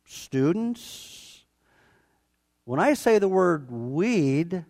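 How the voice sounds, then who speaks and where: A man in his sixties preaching a sermon to a congregation, animated and joking with them as he teaches. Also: high voice, drawn-out words. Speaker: pastor. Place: church before a live congregation.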